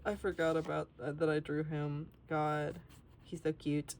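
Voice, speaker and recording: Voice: mid-range voice, flat delivery, unhurried, gravelly, a little mellow, a little hiss or hum. Rambling young adult artist, casual swearing. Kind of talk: casual sketchbook tour.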